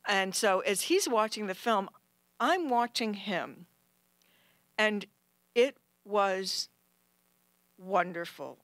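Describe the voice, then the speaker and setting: A woman tells a personal story on a stage, lively and expressive, slipping into the voices of the people she describes. Her voice sits at a middle pitch. The sound is close and dry. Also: measured pace, pauses often, dry recording. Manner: animated, acts out quoted voices. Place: stage at a film center.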